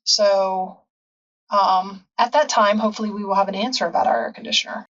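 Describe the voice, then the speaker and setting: A woman's voice: mid-range voice, steady tone, brisk, recorded from a distance, dull audio. A woman hosting a casual craft tutorial, chatting and rambling with frequent ums in her home craft room. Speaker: craft channel host.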